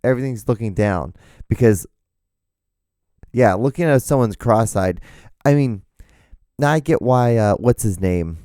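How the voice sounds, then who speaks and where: A man's voice: mid-range voice, lively intonation, unhurried, pauses often, mellow, no echo. Man, solo podcast host, rambling, profane, tired voice, dry close sound. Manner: rambling, profane, self-deprecating. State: voice wearing out.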